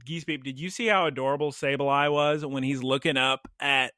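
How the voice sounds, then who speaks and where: A young man co-hosting a podcast, recapping an anime episode in excitable play-by-play and calling out attack names. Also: medium pitch, normal speed, dry recording, studio quality. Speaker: podcast co-host. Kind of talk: casual anime recap chat.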